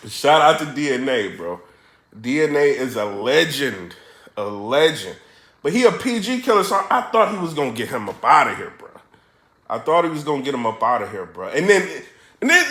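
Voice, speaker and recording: A young man giving an excitable reaction commentary on a rap battle, yelling and repeating himself. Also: a little high. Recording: echoey room.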